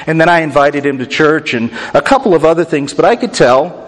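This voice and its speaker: A man's voice: a little high, expressive, fairly quick. A man preaching a sermon as pastor, earnest and building his points through rhythmic lists and repeated phrases. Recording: long hall reverb.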